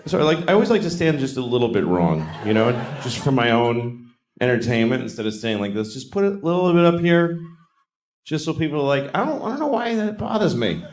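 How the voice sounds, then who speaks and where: Rambling, lively comedian on an echoing stage. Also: male voice, medium pitch, fairly quick. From Boston. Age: 40s. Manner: rambling, conversational, self-mocking. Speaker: stand-up comedian. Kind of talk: stand-up comedy. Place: stage of a large comedy venue. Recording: echoey live venue.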